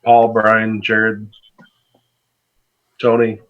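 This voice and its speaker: A man's voice: on the low side, monotone, very slow, lo-fi sound, slight background noise. A man co-hosting a live video chat, easygoing as he thanks people. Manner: easygoing, gives shout-outs. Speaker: co-host. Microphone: video call.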